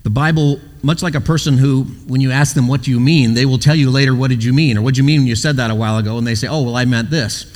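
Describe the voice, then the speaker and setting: A man's voice: medium pitch, steady tone, fast, few pauses, a little mellow, big-room sound. A male pastor preaching a sermon, telling stories and acting out the quoted voices in them.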